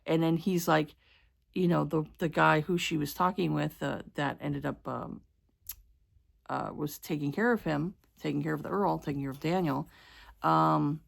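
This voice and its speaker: A woman's voice: sits low, normal speed, vocal fry. A woman vlogger casually recapping a romance novel, rambling with many fillers and restarts, and sometimes stumbling over words. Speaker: book vlogger.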